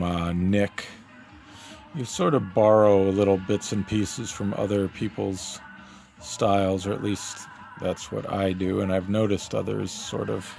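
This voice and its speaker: A man with a fairly low voice and some gravelly fry talks through his drawing process on a live stream. His manner is relaxed and rambling, full of small fillers and restarts. Soft music plays faintly behind him. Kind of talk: casual chat while drawing.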